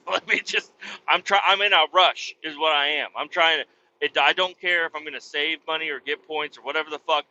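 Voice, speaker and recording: Sharp-voiced man ranting profanely. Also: on the high side, steady tone, moderate pace, lo-fi sound. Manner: exasperated ranting, heavy swearing, frequent restarts. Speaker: podcast host. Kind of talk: profane comic storytelling.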